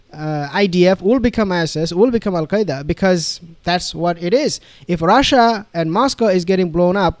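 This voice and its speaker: An online commentator with a high-pitched voice reacts to an interview clip being played, hammering his points repeatedly and often stumbling over fillers and restarts. There's no room sound at all.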